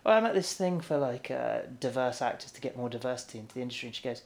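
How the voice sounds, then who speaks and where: A woman co-hosting a podcast, telling an anecdote in a casual, animated way and laughing easily. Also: rumbling low, gravelly. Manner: animated storyteller, quick to laugh. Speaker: podcast co-host. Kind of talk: casual chat.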